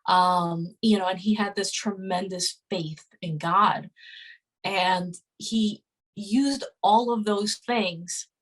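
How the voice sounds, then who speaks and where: Woman, 30s, podcast guest, casual earnest storytelling, lots of fillers and restarts, mid pitch. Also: fairly even intonation, takes it slowly, poor audio.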